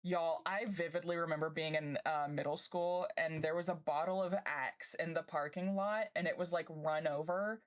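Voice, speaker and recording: Woman streamer, lower pitch, bubbly and gushing, laughs a lot, casual live chat. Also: steady tone, moderate pace, few pauses.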